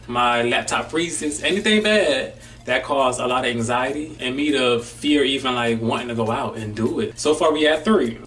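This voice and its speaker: Laid-back male DJ vlogging in slang, mid-pitched voice, a bit off-mic. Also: a bit bright, far from the mic. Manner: laid-back and slangy, loose run-on phrasing. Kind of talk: casual reflective vlog.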